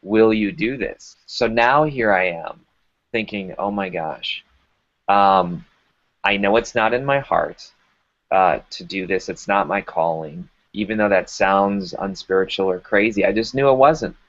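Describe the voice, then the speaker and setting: Animated man telling a story, lo-fi. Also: fairly low pitch, measured pace. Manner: energetic, emphatic storyteller who acts out dialogue. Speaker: guest. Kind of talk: storytelling interview.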